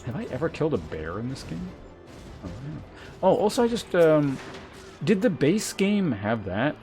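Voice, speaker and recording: A man's voice: on the high side, moderate pace. Young male streamer musing while playing. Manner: relaxed, musing, with fillers. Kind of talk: casual let's-play commentary. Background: faint game music.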